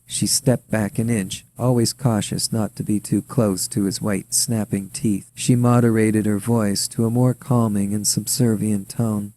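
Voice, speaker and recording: A man reading his own story aloud in a measured, wry storytelling manner. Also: on the low side, level tone, dark tone. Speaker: author and narrator. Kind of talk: scripted story narration.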